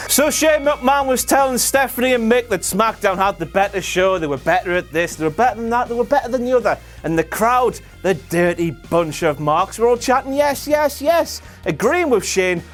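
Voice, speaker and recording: A man's voice: high-pitched, lively intonation, normal speed, faint music behind. A man hosting a comedic wrestling recap, sarcastic and profane, slipping into silly voices. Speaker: host.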